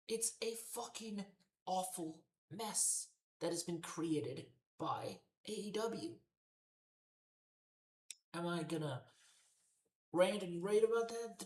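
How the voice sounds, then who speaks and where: A woman's voice: fairly low pitch, expressive, takes it slowly, pauses often, a little mellow. A woman ranting heatedly as a wrestling show reviewer, swearing constantly and repeating herself in exasperation. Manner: profane, exasperated, repetitive ranting. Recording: roomy echoey room.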